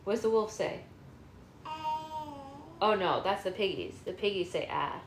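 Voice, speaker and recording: Reading aloud for her book club from home, this mother livestreams on her phone and playfully coaxes her toddler with baby-talk between passages. She speaks at normal speed in a mid-range voice, the room echoing and a faint hiss or hum underneath.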